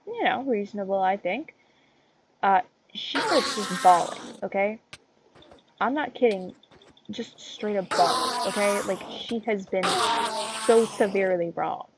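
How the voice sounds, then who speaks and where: A woman's voice: medium pitch, measured pace, rough recording. Rambling teenage girl ranting. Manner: rambling, full of fillers and tangents. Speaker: vlogger. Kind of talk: casual rant. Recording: loud background noise and clicks.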